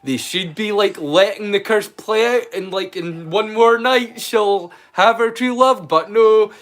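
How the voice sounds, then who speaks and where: Chatty high-voiced Scottish man. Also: measured pace, fairly bright tone. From Scotland. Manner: rambling, chatty, talks to chat viewers, swears. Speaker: live-stream storyteller host. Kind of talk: casual live-stream chat.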